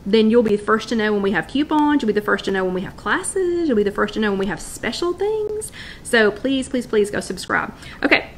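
This woman's mid-range voice has big pitch swings and moves a little fast, with slight background noise. Hosting a casual wellness live stream, she rambles, repeats herself, restarts, and addresses viewers by name.

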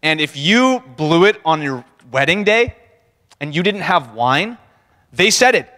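A man giving a relaxed, conversational sermon in a church, chuckling as he speaks and acting out what people said. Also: on the high side, a little slow. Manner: conversational, laughing, acts out quotes. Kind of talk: casual sermon talk. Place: church sanctuary. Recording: long church-hall reverb.

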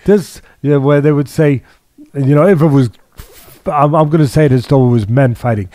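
An older man talks boxing on a podcast, heavy on repetition and emphasis. His voice is dark and mellow, and it sounds close and dry, with no room around it. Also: on the high side, brisk, no room sound. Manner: repetitive, emphatic, restarts sentences. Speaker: boxing trainer and podcast host. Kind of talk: casual sports talk.

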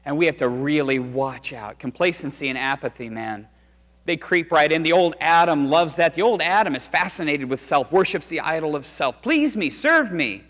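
High-voiced pastor preaching in church. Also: male voice, moderate pace. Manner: conversational, dramatic storytelling from loud to hushed. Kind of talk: sermon. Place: church sanctuary. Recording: reverberant church sanctuary.

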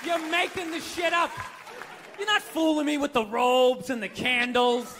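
High bright guy doing standup, cursing and ranting, crowd laughing faintly behind. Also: a little slow, background noise. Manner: ranting, profane and incredulous. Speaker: stand-up comedian. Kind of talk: stand-up comedy. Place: stage before a live audience. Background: audience laughter.

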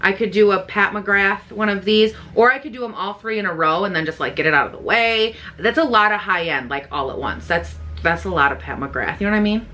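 A young woman vlogging as she unboxes makeup, gushing and excitable, swearing freely. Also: medium pitch, fairly quick, few pauses. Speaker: beauty vlogger. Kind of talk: casual unboxing chat.

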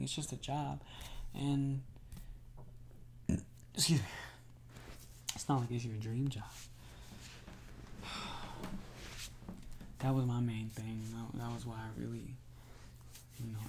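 A man in a whispered role-play as an adoring boyfriend, soft and affectionate, often breaking into laughs and sighs. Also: mid-range voice, gravelly, background noise. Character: adoring boyfriend, emotional and overjoyed. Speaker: ASMR creator.

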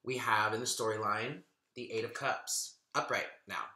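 A man's voice: lowish voice, steady tone, moderate pace, sharp tone, echoey room, a little hiss or hum. A man giving a casual tarot reading, chatty and earnest, thinking aloud as he goes. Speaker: tarot reader.

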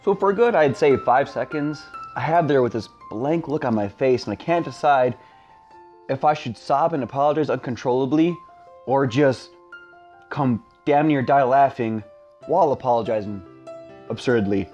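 A man's voice: mid-range voice, normal speed, a little mellow, muffled recording, soft background music. A man in his twenties telling a funny story in a casual, rambling, self-mocking way, full of fillers. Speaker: storyteller, channel host.

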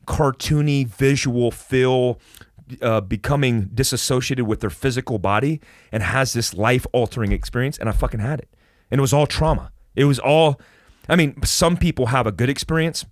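A man's voice: mid-range voice, moderate pace, no echo, studio quality. A man from the United States telling a wild story as a podcast guest, swearing a lot and restarting sentences. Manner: animated, heavy swearing, restarts. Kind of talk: casual storytelling interview.

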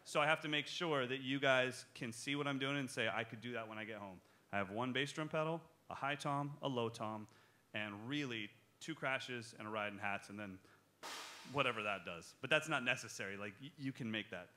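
Drum teacher guy at a clinic, bright voice, jokey, talks right at the crowd. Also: medium pitch, fairly quick. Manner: animated, joking, talks straight to the audience. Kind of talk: live drum clinic talk with Q&A. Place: music shop clinic in front of an audience.

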